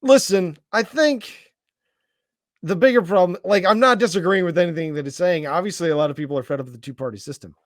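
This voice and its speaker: High-voiced man cracking sarcastic jokes. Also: fast talker, no room sound, studio quality. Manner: sarcastic, joking. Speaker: comedy podcast co-host. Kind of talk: casual comedic reaction commentary.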